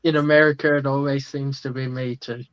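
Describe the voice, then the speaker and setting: A man hosting a casual chat, speaking in a measured, matter-of-fact way. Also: medium pitch, flat delivery, smooth, no echo. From Australia. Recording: dull, dry lo-fi audio.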